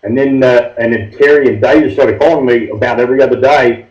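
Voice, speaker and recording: A man's voice: mid-range voice, a little fast, darkish tone. A man in his sixties with an Australian accent, chatting casually as a guest over a phone call, easygoing and rambling. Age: 60s. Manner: easygoing, rambling, says mate. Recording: roomy, dull call audio.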